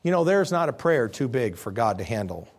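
A man's voice: mid-range voice, brisk. A middle-aged male pastor preaching a sermon, rising and dropping his voice for emphasis. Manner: animated preaching, rises and drops for emphasis.

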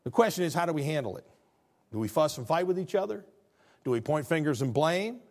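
A male pastor delivers a conversational sermon in a fairly high voice. He drops low and quiet, then climbs high and loud to drive a point home, with very lively pitch. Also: a little fast.

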